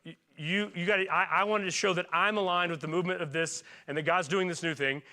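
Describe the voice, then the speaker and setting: A man's voice: high-pitched, fairly even intonation, fast, sharp tone, full character voice. A pastor acting out an earnest male teacher who stumbles as he explains himself during a sermon.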